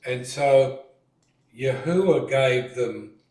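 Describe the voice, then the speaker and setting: A man leading a relaxed dining-table discussion, slowly retelling a story and acting out what people said. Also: mid-range voice, distant mic. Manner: slow storytelling, retells scenes with acted lines. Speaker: discussion leader. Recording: echoey room, voice set back from the mic.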